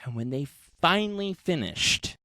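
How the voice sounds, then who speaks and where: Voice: medium pitch, sing-song, moderate pace, sharp tone, dry recording. A podcast host retelling a story in casual chat, laughing often, swearing freely and acting out the quoted voices.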